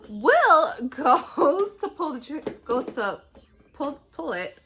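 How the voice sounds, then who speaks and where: A young woman chatting casually in a reading vlog, recapping a book with lots of "like" and quick reactions. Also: high-pitched, slight background noise, rough recording. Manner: animated, chatty, fillers like "like". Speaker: book vlogger.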